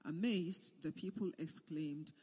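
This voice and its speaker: A man reading scripture aloud in a steady, measured way during a sermon. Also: a little high, slightly rough, big-room sound. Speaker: scripture reader.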